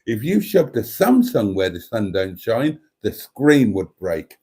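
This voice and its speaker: A man's voice: fairly low pitch, sing-song, unhurried, mellow. A man hosting a livestream, casually reading viewer comments aloud in a chatty, amused way. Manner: chatty, amused, laughs often. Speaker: livestream host.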